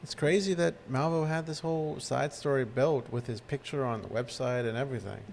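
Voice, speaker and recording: A man's voice: mid-range voice, a little fast, gravelly, a little hiss or hum. A man co-hosting a podcast, chatting casually and retelling a favorite scene with restarts and fillers. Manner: animated storytelling with restarts. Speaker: podcast co-host. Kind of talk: casual recap chat.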